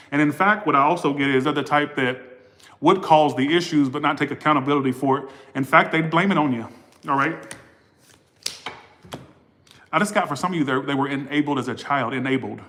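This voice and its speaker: A man's voice: fairly high pitch, bright, forceful tone. A man giving a casual tarot reading for all the signs, blunt and profane, often losing his place and rambling. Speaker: tarot reader.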